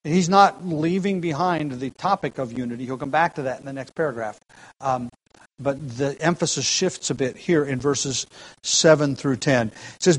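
A pastor preaching an expository sermon, explaining the text slowly and repeating key phrases for emphasis. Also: male voice, medium pitch, rough recording.

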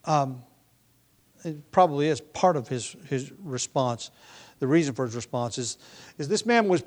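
A man's voice: medium pitch, animated, moderate pace. A man giving an expository Bible lesson, thinking aloud with frequent restarts and fillers. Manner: thoughtful, self-correcting, many restarts and fillers. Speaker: Bible teacher.

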